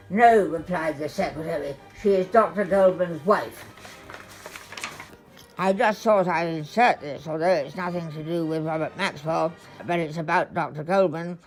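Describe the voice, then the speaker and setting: A woman reading aloud from her own memoir in the first person, telling it in a brisk, deadpan comic way. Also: lowish voice, poor audio.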